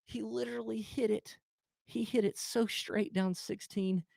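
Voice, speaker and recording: A man's voice: high-pitched, fairly even intonation, measured pace, creaky, a little mellow, dry recording, studio quality. A man co-hosting a podcast, telling stories animatedly with goofy sound effects and casual chat. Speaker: podcast co-host.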